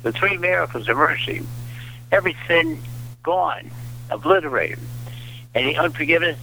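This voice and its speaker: A man's voice: a little high, expressive, moderate pace, gravelly, sharp tone, a little hiss or hum, rough recording. A man, a priest, preaching and praying on a radio show in a fervent, repeating cadence. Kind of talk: radio sermon and prayer.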